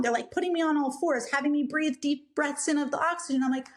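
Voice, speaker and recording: A young woman co-hosting a podcast, telling a personal story in a casual, animated way and acting out what people said. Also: high voice, fast, hardly any pauses. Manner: animated, acts out quoted people, many "like" fillers. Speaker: podcast co-host.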